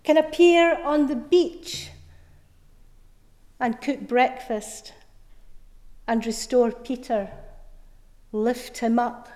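A middle-aged woman preacher giving an Easter sermon, telling her story earnestly with soft, emphatic repetitions. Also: fairly high pitch, fairly even intonation, extremely slow, long pauses, big-room sound. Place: church.

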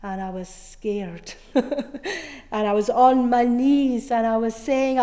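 Preaching an Easter sermon, a middle-aged woman speaks unhurriedly in a slightly high voice. She tells her story earnestly, often going soft on repeated words, while a long reverb lingers in the church.

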